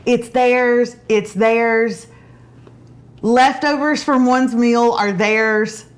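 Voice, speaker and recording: A middle-aged woman hosting a casual chat show and telling stories, acting out quotes with big jumps in pitch. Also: steady tone, drawn-out words. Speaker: show host.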